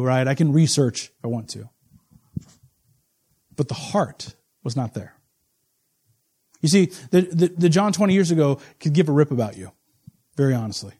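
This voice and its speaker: A man in his forties preaching a sermon as pastor, shifting between quiet, confiding asides and slow, emphatic, rising proclamation. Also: husky. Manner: swings from low, intimate asides to loud, slow, emphatic proclamation.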